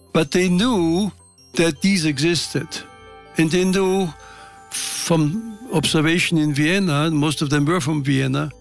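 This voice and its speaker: Gravelly Austrian-accented man, deliberate. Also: fairly high pitch. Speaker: intelligence expert interviewee. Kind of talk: interview explanation.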